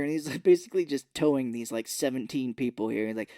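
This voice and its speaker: A man's voice: mid-range voice, warm tone, no room sound, clean studio sound. A man co-hosting a podcast, loosely and profanely recapping a movie's plot in casual chat. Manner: loose, profane retelling with quick acted quotes. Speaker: podcast co-host.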